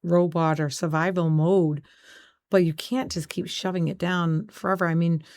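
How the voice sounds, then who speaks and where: A woman's voice: on the low side, steady tone, moderate pace, darkish tone, no echo. Chatty woman co-host, dry close sound. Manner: chatty, storytelling, many "like" fillers. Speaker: podcast co-host. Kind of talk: casual chat.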